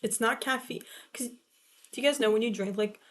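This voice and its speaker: A woman's voice: fairly high pitch, normal speed. Rambly teen woman, casual vlog chat. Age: late teens. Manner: rambling, heavy "like" filler, casual swearing. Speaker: vlogger.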